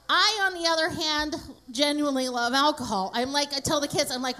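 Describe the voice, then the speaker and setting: Brash high-voiced woman comic. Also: brisk. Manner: brash, profane, deadpan crowd work. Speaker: stand-up comedian. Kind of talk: stand-up comedy set.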